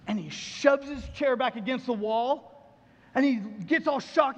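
A man, a pastor, preaching a sermon and telling a story, acting out the dialogue and dropping his voice low and soft for emphasis. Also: moderate pace, in a large hall.

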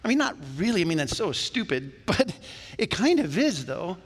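A male pastor preaching a sermon in a church, talking to the congregation in a conversational, animated way with jokes along the way. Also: high-pitched, normal speed, slightly rough. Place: church sanctuary. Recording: long reverb of a church hall.

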